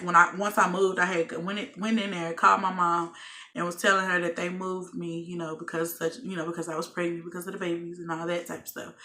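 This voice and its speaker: A woman's voice: medium pitch, bright, forceful tone. A young woman vlogger telling a personal story straight to her viewers, candid and swearing freely. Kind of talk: storytime monologue.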